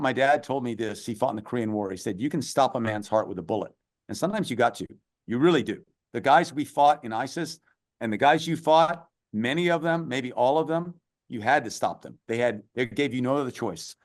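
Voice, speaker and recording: A middle-aged man, a podcast guest, telling a long story in an earnest, emphatic way. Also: mid-range voice. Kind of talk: storytelling interview.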